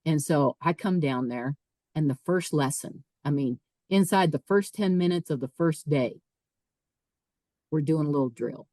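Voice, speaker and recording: A woman, a podcast guest, telling a personal story in a lively way, often repeating and restarting her words. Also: deep voice, measured pace, no room sound, poor audio. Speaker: podcast guest, author and speaker. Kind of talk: casual storytelling.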